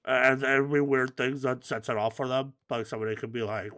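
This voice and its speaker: A man's voice: mid-range voice, quick pace, hardly any pauses, a bit bright. A man giving comedic gaming commentary, rambling through absurd, crude jokes. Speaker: gaming video host.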